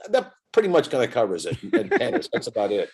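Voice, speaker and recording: Animated man telling a story. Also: medium pitch, fast, slightly rough. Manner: animated storyteller acting out both sides of conversations. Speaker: guest entertainer. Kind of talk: casual anecdote telling.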